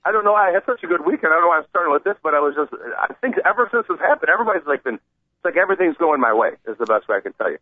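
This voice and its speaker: A man co-hosting a casual sports talk show, telling a rambling, excitable story with many restarts. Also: a little high, racing, no echo, narrow, tinny audio. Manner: rambling, excitable storyteller who acts out the people he quotes. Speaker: co-host.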